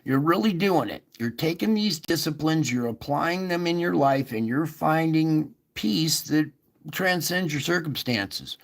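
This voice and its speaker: A man's voice: on the high side, lively intonation, unhurried, vocal fry. A man hosting an online faith show, talking earnestly and chattily, with emphatic rises and frequent restarts. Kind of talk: casual spiritual encouragement.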